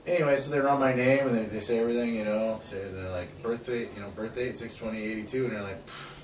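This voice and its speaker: A man, telling a long, profane story in casual chat and acting out the quotes loudly. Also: mid-range voice, fairly even intonation, quick pace. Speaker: podcast host. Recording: echoey room, voice far from mic, faint background noise.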